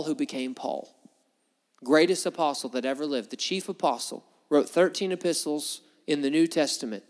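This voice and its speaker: A man preaching a sermon, retelling Bible stories and acting out the dialogue in changing voices. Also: big-room sound. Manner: storytelling, acts out biblical dialogue with shifting pitch.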